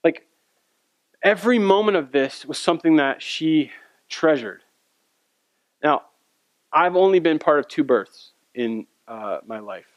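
A pastor delivers a sermon in a loose, storytelling style, making conversational asides to the congregation. His voice is high for a man, with lively intonation, a slightly slow pace and long pauses. The recording is dry and close, with almost no room sound.

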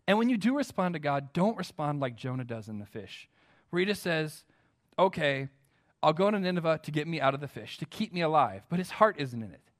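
A pastor with an American accent preaches a sermon in a fairly high voice, very animated and a little fast. He is earnest and emphatic, often turning to his listeners with direct questions.

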